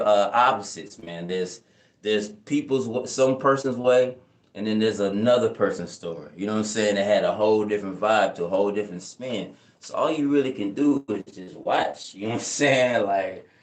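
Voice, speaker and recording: A young man talks off the cuff on a live stream, his slangy, winding sentences full of fillers and checks with his listeners. His voice sits on the low side. The room around him rings with noticeable echo. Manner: laid-back slang-heavy rambling, frequent "you know what I'm saying". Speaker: channel host answering live chat. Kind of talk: casual livestream chat. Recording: echoey room.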